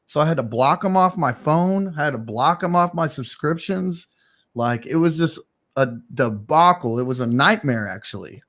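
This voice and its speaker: A man's voice: on the high side, animated, moderate pace, fairly bright tone. A man hosting a casual livestream chat, telling a story in a rambling, laid-back way with lots of fillers. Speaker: streamer host.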